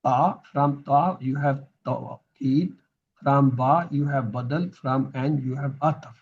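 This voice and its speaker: A man's voice: medium pitch, takes it slowly, a little mellow, slightly rough, muffled recording. A man teaching grammar in a recorded lesson, patiently repeating each term so students can drill it.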